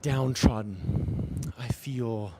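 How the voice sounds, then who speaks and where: A man's voice: medium pitch, drawn-out words, very noisy. A young man talking earnestly and reflectively while riding a bike outdoors in the rain, often repeating phrases to himself. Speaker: vlogger. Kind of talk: reflective spiritual vlog.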